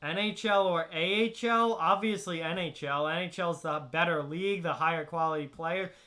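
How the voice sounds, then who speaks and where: Young male streamer, high, bright voice, casual animated storyteller reading chat. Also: normal speed. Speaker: live stream host.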